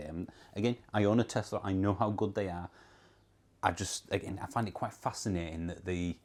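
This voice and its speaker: A man with a Yorkshire accent, talking on his own channel in a relaxed, chatty way. His voice sits a little low, and his replies are dry and mocking. He reads comments aloud and pokes fun at them. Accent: Yorkshire English. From Yorkshire, England. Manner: wry, sarcastic, reads out comments. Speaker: electric car reviewer. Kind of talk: casual vlog commentary.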